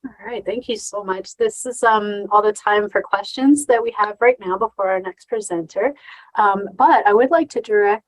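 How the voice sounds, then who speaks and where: Brisk woman moderating an online workshop. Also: medium pitch, rough recording. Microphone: video call.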